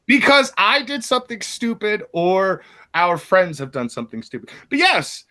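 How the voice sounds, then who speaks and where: A man's voice: high-pitched, very animated, normal speed, pushed and bright. A man hosting a stream, telling crude stories in casual chat and laughing often. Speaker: stream host.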